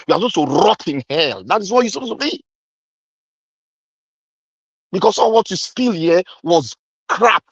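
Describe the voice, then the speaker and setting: A Nigerian commentator with a slightly high voice delivers a fiery, accusatory political rant, hammering the same points again and again. The recording is dry and muffled.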